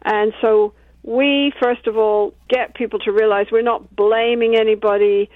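A woman, a couples therapist, calmly explaining her work in an interview and acting out examples from her sessions. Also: on the high side, unhurried, no echo. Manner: calm, explains with acted-out examples. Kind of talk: interview conversation. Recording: tinny phone-like dry sound.

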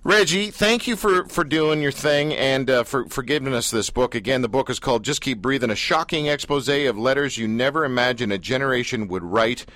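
A man's voice: mid-range voice, brisk, hardly any pauses, a bit bright, no echo. A male radio show host asking rambling, joking questions in a casual interview.

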